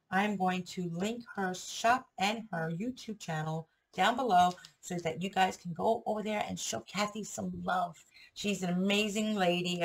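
A woman's voice: medium pitch, rough recording. A middle-aged woman with a New Jersey accent, host of a journaling channel, chatting casually and gushing as she unpacks a craft order. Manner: gushing, chatty, talks to herself. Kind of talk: casual unboxing chat.

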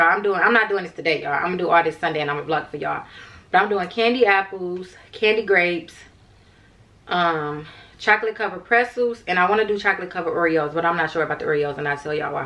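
A woman's voice: lowish voice, fairly bright tone, slight background noise. A young woman vlogging in a casual, rambling way, tired and chatting to her viewers as "y'all". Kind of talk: casual vlog chat to camera.

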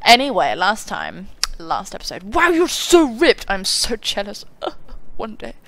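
A woman hosting a let's play, giving casual gameplay commentary, giggly and excitable with sudden exclamations. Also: medium pitch, unhurried, gravelly.

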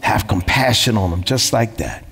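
A man's voice: lowish voice, normal speed, a bit bright, in a large hall, a little hiss or hum. A man preaching a sermon as pastor, emphatic, repeating phrases and asking rhetorical questions.

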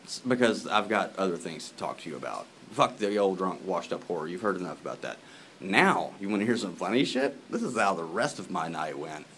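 A man's voice: low-pitched, expressive, brisk, fairly bright tone, slight background noise. A man ranting casually to camera as a vlogger, profane and laughing, drifting off topic outdoors in the rain. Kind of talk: rambling casual rant to camera.

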